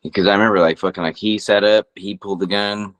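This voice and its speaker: Low-voiced profane man telling a story. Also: fairly even intonation, fast talker, a bit bright. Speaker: podcast co-host. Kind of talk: casual chat.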